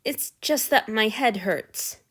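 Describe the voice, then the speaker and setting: A woman's voice: a little high, expressive, slow, fairly bright tone, heavily acted. A woman voicing a timid, polite young male servant in a fan fiction reading, speaking hesitantly and apologetically. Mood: defensive.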